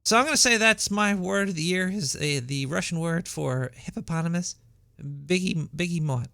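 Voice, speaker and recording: A man voicing a paranoid cartoon rat host with a shrill voice and a Brooklyn accent, rambling conspiratorially with many stumbling restarts. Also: moderate pace, gravelly, bright, forceful tone, dry recording, studio quality, heavily acted. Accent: Brooklyn New York. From Brooklyn, New York. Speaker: podcast host. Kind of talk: rambling comedic monologue. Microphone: home setup.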